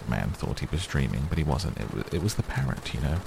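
A man's voice: extremely low pitch, fast, creaky, noisy background, voice pushed down, full character voice. A man voicing old Scrooge, tearful and overjoyed. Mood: excited. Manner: between laughing and crying. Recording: steady rain sounds behind.

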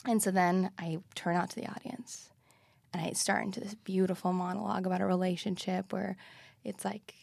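A woman's voice: on the low side, level tone, a little fast, vocal fry, darkish tone, dry recording, clean studio sound. A woman comedian and actress as a podcast guest, chatting animatedly and swearing freely, with many "like" fillers. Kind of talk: casual chat.

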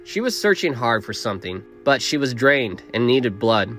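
A man narrating a dark fantasy story in a steady, measured reading. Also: mid-range voice, faint music behind.

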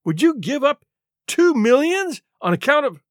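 A man voicing an excitable, pleading gentleman in an opera hat in a story reading. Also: on the high side, a little fast, no echo, studio quality. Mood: excited. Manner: eager, pleading.

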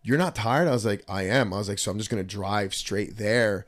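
A man hosting a casual podcast, telling profane personal stories with lively retold dialogue. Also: lowish voice, a little fast. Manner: storytelling, profane, animated retelling. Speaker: podcast host. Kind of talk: casual chat.

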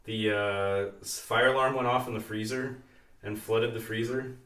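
A man's voice: lowish voice, steady tone, normal speed, a bit bright. Young guy cohosting a podcast, cursing a lot, kinda far from the mic in an echoey room. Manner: swears a lot, storytelling with laughs. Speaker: podcast co-host. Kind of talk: casual chat. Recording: roomy sound from off-mic.

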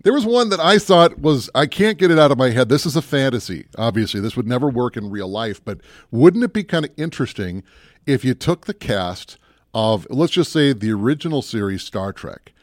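A man's voice: medium pitch, expressive, fairly quick, dry recording, clean studio sound. A man co-hosting a casual movie chat show, rambling and musing aloud, often breaking off mid-thought. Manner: rambling, musing, self-interrupting. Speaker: podcast co-host.

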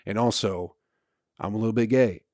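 A man's voice: lowish voice, moderate pace, a little mellow, no room sound, clean studio sound. A man hosting a podcast, telling a profane comic story with frequent laughs and swearing. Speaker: podcast host. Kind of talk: profane comedic rant.

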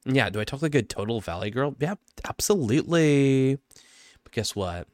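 A man's voice: mid-range voice, expressive, moderate pace, a little mellow, dry recording, clean studio sound, voice pushed up, natural voice. A man putting on a smug, valley-girl-talking parody of a male influencer, drawing out every 'like, totally'. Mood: smug, mocking.

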